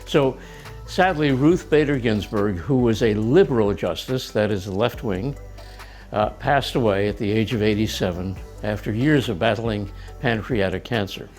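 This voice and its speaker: A man's voice: lowish voice, moderate pace, a little mellow, soft background music. American man explaining with chuckles. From United States. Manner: plain explanatory, chuckles between remarks. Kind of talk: scripted lesson dialogue.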